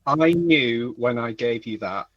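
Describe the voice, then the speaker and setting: A man hosting a casual quiz among friends, brisk and teasing, over an online call. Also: medium pitch, a bit bright, dry recording. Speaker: podcast host, quizmaster. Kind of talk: casual chat. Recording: dull online call audio.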